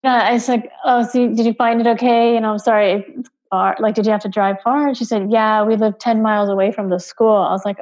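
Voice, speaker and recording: A woman's voice: on the high side, a little fast. Woman, interviewed parent, candid storyteller, acts out quotes, filler-heavy, muffled recording. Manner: animated, acts out quoted dialogue, many fillers. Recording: dull, muffled sound.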